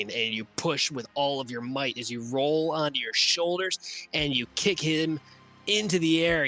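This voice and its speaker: Here is a man narrating a tabletop game as its game master, his voice fairly high and bright. He tells the scene in a loose, profane and vivid way, dropping in "like" and "you know" as he goes. Soft music plays behind him. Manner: casual, profane, vivid storytelling; lots of fillers, like and you know.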